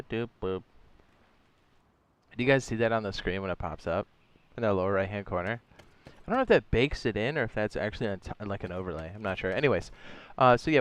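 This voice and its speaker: A man streaming a building game, chatting casually and rambling a little, with slangy asides to his viewers. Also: on the low side. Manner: relaxed, rambling, slangy ("dog", "my guy"). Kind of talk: casual livestream chat.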